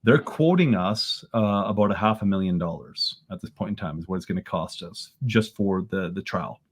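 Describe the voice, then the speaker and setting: A man from Canada, a podcast guest, telling a story in an animated way that rises into excited bursts. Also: sits low, moderate pace, breathy edge.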